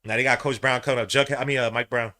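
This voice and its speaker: A man hosting a live sports watch-along podcast, talking in casual slang and swinging from low mutters to loud cheering. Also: steady tone, very fast. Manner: casual slang, calls listeners bro and son. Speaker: podcast host.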